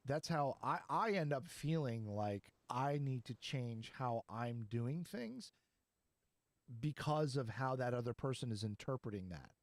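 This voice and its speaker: A man hosts a podcast in an easy, meandering chat, often breaking into laughter. His voice sits at an ordinary middle pitch. The sound is dry and close, with no room around it. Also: animated, a little slow, no room sound. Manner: chatty and rambling, laughs easily. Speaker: podcast host. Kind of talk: casual chat.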